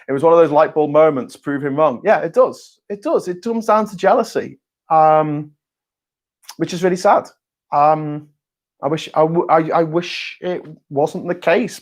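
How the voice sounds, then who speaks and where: A man with a somewhat high voice talks through news and politics on his own. He rambles, cracks jokes at his own expense and stumbles into restarts and repeats. He swears now and then in a loose, casual way. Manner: rambling and jokey, self-mocking asides, swears casually; frequent restarts and stammered repeats. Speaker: vlogger.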